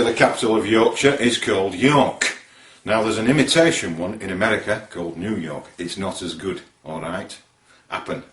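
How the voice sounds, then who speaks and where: Jokey Scottish man with lively pitch. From Scotland. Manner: jokey presenter, breaking into voices. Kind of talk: comic talk about accents. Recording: echoey room, mic at a distance.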